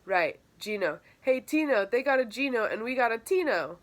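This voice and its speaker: A woman's voice: a little high, expressive, normal speed, voice pushed up, natural voice. A woman voicing a cocky teenage boy soccer star in an audiobook, speaking in swaggering, mocking street talk. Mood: boastful. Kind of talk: audiobook character voice.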